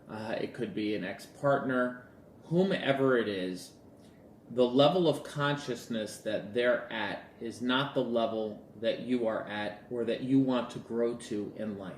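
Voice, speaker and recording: A man's voice: on the low side, roomy sound, slight background noise. A man talking casually as a relationship coach, telling a story and acting out bits of dialogue. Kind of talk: casual talk to camera.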